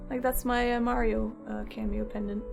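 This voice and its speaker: A woman's voice: on the high side, flat delivery, moderate pace, creaky, over music. A woman chatting casually on a livestream while she works on crafts, rambling and laughing at herself. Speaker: streamer and craft artist.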